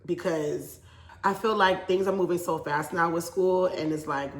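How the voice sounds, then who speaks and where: A young adult woman vlogger telling a casual story in a chatty, animated way, laughing often. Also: fairly low pitch, moderate pace, reverberant.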